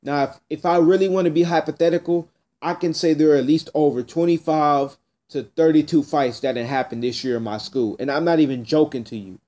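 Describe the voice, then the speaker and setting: A man's voice: fairly high pitch, a little fast, warm tone. A teenage boy telling a rambling, blunt story to camera in casual speech, repeating himself as he goes. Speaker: vlogger.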